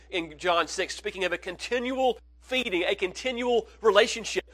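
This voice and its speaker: Higher-voiced male pastor preaching earnestly. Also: normal speed, few pauses. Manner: earnest, swings from hushed to emphatic. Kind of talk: sermon.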